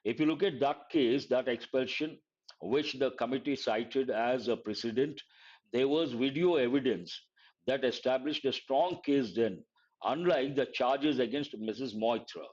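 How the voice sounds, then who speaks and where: A man with an Indian English accent teaching a lesson. He reads a newspaper editorial aloud and stops to explain key words slowly and plainly. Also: medium pitch, a little mellow, highs cut off. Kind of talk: live editorial analysis lesson.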